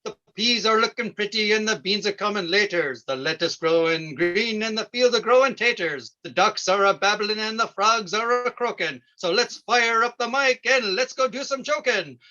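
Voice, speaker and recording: A man doing a character bit as a folksy, goofy old farm-show host with a corny, drawn-out delivery and chuckling "ho ho ho"s. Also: high voice, bright, forceful tone, muffled recording, pitched above the performer's own voice. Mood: folksy cheerful. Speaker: stand-up comedian.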